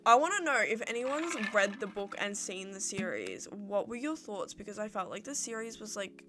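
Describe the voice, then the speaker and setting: A woman's voice: mid-range voice, sing-song, normal speed, music in the background. A young Australian woman chatting casually on a livestream, answering viewer questions in a rambling way and acting out little exchanges with her friends.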